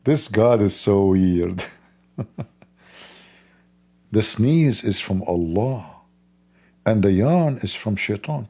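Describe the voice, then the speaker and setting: A man speaking slow, simple English with non-native grammar, laughing and teasing as he talks. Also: fairly low pitch, expressive, mellow. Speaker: livestream host. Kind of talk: casual mocking commentary.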